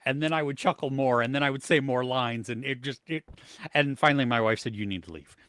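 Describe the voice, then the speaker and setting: A man's voice: mid-range voice, steady tone, a little fast, fairly bright tone, no room sound, studio quality. Rambling man hosting a film podcast. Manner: rambling, many fillers and restarts. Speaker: podcast host. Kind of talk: casual chat about movies and shows.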